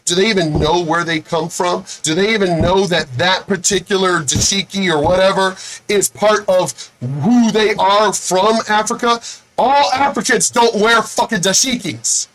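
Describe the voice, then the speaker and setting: Unhurried yet furious, a man rants profanely in his own video, repeating himself heavily and stating he is angry and fed up. His voice sits high and a bit bright, captured on a low-quality recording.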